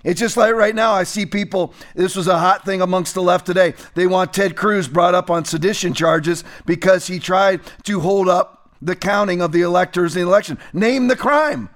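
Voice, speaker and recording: A man's voice: sits high, moderate pace, hardly any pauses, a bit bright. A man hosting a political commentary show, talking emphatically and repeating phrases for stress.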